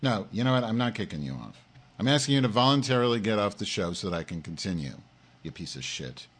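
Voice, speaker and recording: A man's voice: on the low side, big pitch swings, fast talker, fairly bright tone, slightly rough. A man hosting his own live-stream show, in an angry, profane rant aimed straight at his audience.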